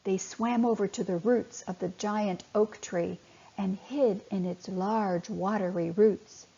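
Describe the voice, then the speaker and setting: A woman softly and expressively reading a bedtime story to children. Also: mid-range voice, steady tone, slow, creaky, slightly rough. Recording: dull lo-fi recording.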